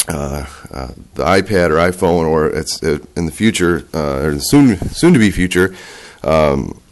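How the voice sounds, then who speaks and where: Low-voiced nasal man demoing a gadget. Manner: halting, talks while operating a device. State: nasal from a cold. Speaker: product demonstrator. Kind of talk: casual product demonstration.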